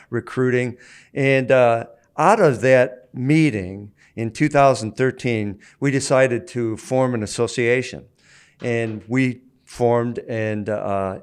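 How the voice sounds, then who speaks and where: A man being interviewed as an association chairman, answering in a measured, businesslike way. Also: medium pitch, clear, resonant tone.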